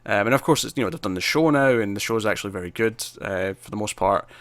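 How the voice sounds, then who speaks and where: A man's voice: fairly low pitch, animated, quick pace, fairly bright tone, dry recording. A man co-hosting a movie discussion podcast, talking casually and rambling with lots of fillers and restarts. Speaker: co-host of a movie discussion show. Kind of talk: casual chat.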